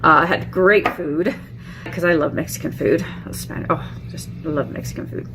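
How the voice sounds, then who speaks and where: A woman's voice: low-pitched, moderate pace, noisy background. A middle-aged woman vlogger telling a personal story in a chatty way, with many fillers and restarts, acting out the quotes. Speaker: beauty vlogger. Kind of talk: casual storytelling.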